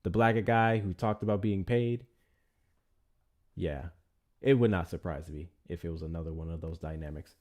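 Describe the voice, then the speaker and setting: A man with a deep voice hosts a casual livestream and talks straight to his viewers. He rambles loosely, drops swear words, and moves from one thought to the next without much plan. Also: steady tone, moderate pace, pauses often, a little mellow. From United States. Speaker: livestream host.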